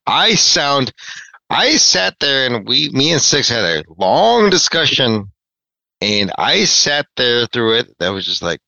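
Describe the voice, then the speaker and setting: Podcast guest, male, jumpy and self-mocking; bright, forceful tone on muffled audio. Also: medium pitch, sing-song, slow pace, gravelly, no echo. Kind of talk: casual chat. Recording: dull lo-fi audio.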